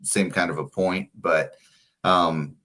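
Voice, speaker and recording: A very low-pitched man talking through a TV episode in a relaxed podcast chat. He wanders through his points, circling back with plenty of ums and restarts. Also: slow. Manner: rambling, with frequent fillers and restarts. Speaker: podcast co-host. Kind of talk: casual chat about a TV show.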